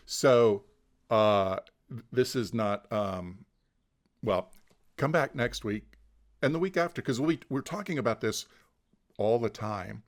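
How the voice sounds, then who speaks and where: A man's voice: on the low side, animated, slow pace, long pauses. Man leading a mindfulness class. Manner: thoughtful, repeats words when restarting, laughs easily. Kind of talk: casual teaching chat. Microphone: online video call.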